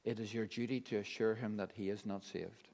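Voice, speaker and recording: A man preaching a sermon in a measured, emphatic way, with deliberate pauses between phrases. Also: on the low side, steady tone, vocal fry, a little mellow. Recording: long hall reverb.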